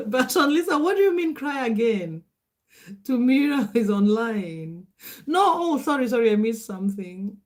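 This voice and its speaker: A middle-aged Kenyan woman, Swahili her first language, hosts a casual livestream in a fairly high voice with big pitch swings and an unhurried pace. She chats, laughs often, and answers viewer comments aloud.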